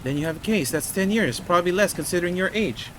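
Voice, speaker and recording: A man voicing a calm male detective who talks a suspect down in a steady, reassuring way. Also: high voice, fast, a little hiss or hum, rough recording. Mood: persuasive. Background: game music and rain.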